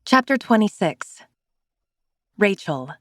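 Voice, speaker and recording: A woman narrating a romance audiobook in the first person, in an expressive, conversational way. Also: medium pitch, slow pace, no room sound, studio quality.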